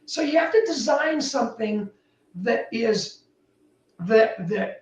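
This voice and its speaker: A high-voiced woman speaks as an interview guest, animated and emphatic, her pitch leaping up and down as she makes her points. Her voice sounds roomy and set back from the mic. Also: takes it slowly, recorded from a distance. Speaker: guest, building technology entrepreneur. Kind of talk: casual interview talk.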